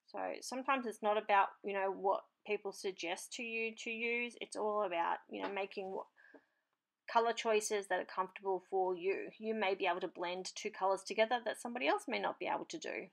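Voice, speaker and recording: A woman hosting a papercraft channel voices a tutorial in a mid-range, slightly bright tone. Chatty and unhurried, she explains her marker colouring as she works on it.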